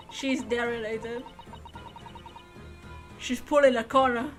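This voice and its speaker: A woman streaming a game live, cracking jokes and reacting in a casual, playful way. Her voice sits fairly high. Faint background music plays under her talk. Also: a little slow, a bit bright.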